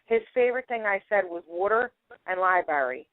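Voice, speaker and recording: A young adult woman with a Philadelphia accent, chatting as a guest on a radio interview, quick to laugh and full of "like" and "you know.". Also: medium pitch, expressive, no room sound. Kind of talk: casual phone interview. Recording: tinny phone line, dry.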